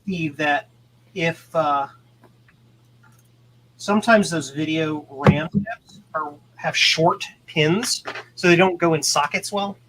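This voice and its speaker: Man, casual livestream chat, joking, slightly high voice, noisy mic. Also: slow pace, pauses often. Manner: joking, playful banter. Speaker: stream host repairing boards. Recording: steady background noise.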